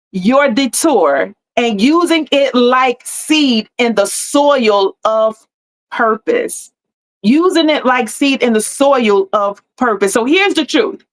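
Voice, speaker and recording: A woman hosting a motivational live talk with faith-forward encouragement, preaching and repeating key lines for emphasis. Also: fairly high pitch. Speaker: host and life coach.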